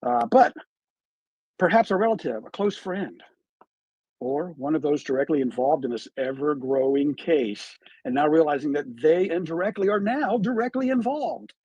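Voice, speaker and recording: A man's voice: fairly high pitch, animated, moderate pace, a little mellow, husky, no room sound, lo-fi sound. A man giving true crime commentary on a live stream, emphatic and full of rhetorical questions, played back from his stream.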